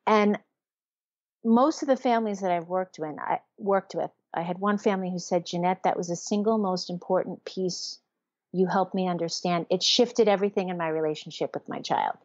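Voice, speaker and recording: A woman's voice: on the low side, moderate pace, a little mellow, no echo. A woman therapist, interviewed as a guest, explaining ideas earnestly and voicing inner self-talk as examples. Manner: earnest, teaching, acts out self-talk in quotes. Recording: dull, lo-fi, dry sound.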